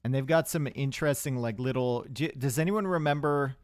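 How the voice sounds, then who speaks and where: A man's voice: mid-range voice, brisk, no room sound. A young man casting a live strategy game match, chatty and rambling, with asides to his chat. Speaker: esports caster.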